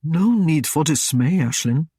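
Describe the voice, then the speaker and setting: A man reading an audiobook, voicing a stern and proud Norman knight who speaks in a gruff, commanding way. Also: fairly high pitch, lively intonation, a little slow, warm tone, no echo, studio quality. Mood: low tender. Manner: gruff, commanding, dryly mocking.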